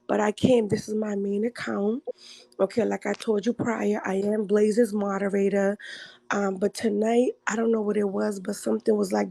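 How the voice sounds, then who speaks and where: Tearful woman guest, gravelly voice, earnest and halting. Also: medium pitch, little pitch movement, mellow, no room sound, poor audio. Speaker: livestream guest. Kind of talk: emotional casual talk.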